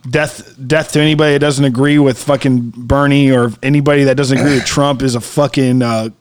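A man's voice: mid-range voice, steady tone, brisk, smooth. A young man co-hosting a podcast in casual chat, rambling with lots of fillers and swearing. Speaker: podcast co-host.

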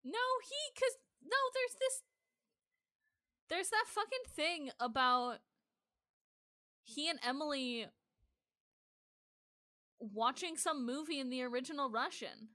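A woman co-hosting a podcast in casual, enthusiastic chat, quick to correct herself. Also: high-pitched, lively intonation, sharp tone, no echo, clean studio sound. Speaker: podcast co-host.

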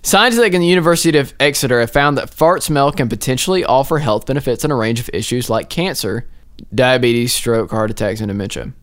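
A man's voice: medium pitch, a little fast, fairly bright tone. A young man co-hosting a podcast in casual chat, joking, rambling and laughing often. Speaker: podcast co-host.

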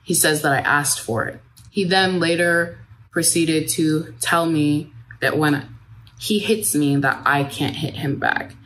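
Woman, low voice, measured reading, first-person account, faint background noise. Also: fairly even intonation, fairly bright tone. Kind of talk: read first-person statement.

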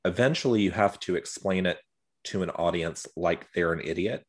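A man co-hosting a podcast, talking through a film review in a measured way and often repeating words as he thinks. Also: sits low, slightly rough. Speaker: podcast co-host. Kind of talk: casual film review chat.

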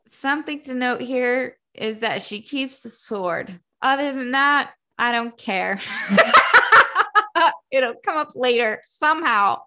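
A young woman with a bright, forceful voice hosts a casual book-recap podcast. She talks in an animated, profane rush, laughs often and slips into little acted-out voices for the characters. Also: on the high side, unhurried, hardly any pauses, a little hiss or hum. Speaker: podcast host.

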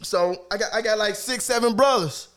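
A man on a live stream telling a comic story in casual chat, animated and profane, acting out the people he quotes. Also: high voice, normal speed.

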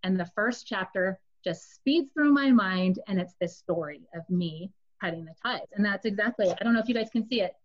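A woman's voice: mid-range voice, a little fast, few pauses, lo-fi sound. Woman earnestly telling her personal story. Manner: earnest, confessional, addresses listeners directly. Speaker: speaker sharing her story. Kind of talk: personal testimony, casual storytelling.

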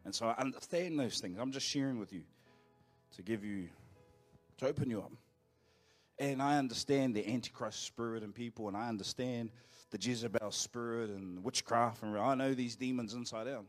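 New Zealand pastor, casual preaching. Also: male voice, medium pitch, faint music behind. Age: 40s. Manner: conversational and anecdotal, with quick asides to the congregation. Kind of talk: sermon. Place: church auditorium.

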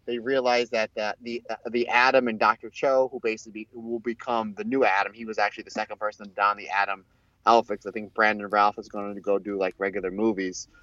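A man in casual chat, recapping a TV crossover in a rambling, animated way and acting out the characters' lines. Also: fairly low pitch, quick pace, dry recording. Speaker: podcast co-host. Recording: dull lo-fi, dry sound.

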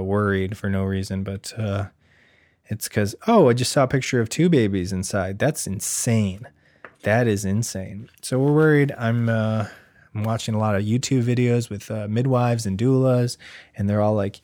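A man in his thirties talks in a loose, rambling comic monologue, riffing on his own nerves about becoming a father. His voice sits on the low side and is recorded close and dry, with no room sound. He keeps slipping into quick put-on quotes and puns. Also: a little mellow, no room sound. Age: 30s. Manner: rambling, self-deprecating, wordplay and put-on quotes. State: nervous expectant father. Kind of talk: casual comedic monologue.

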